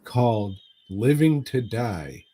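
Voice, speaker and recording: A man's voice: medium pitch, very animated, takes it slowly, warm tone. A man co-hosting a podcast, recapping a movie in casual chat as a profane, rambling storyteller. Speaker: podcast co-host.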